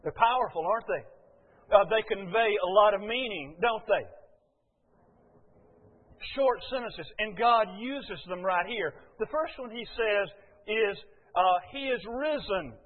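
An older man, preaching a folksy, storytelling sermon to his church with many short pauses and fillers. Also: sits high. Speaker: pastor. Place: church sanctuary. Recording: phone-like sound with long hall reverb.

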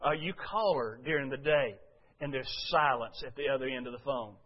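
A man's voice: medium pitch, a little fast. Folksy preacher man, lo-fi. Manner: folksy, conversational preaching with frequent "uh" and rhetorical questions. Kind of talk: sermon. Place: church before a congregation. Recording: dull lo-fi recording.

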